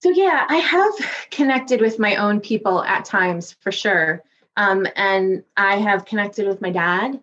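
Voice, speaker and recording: In a podcast interview, a woman who works as a medium tells stories animatedly, acting out voices as she goes. Her medium-pitched voice keeps a measured pace, and the audio sounds dull.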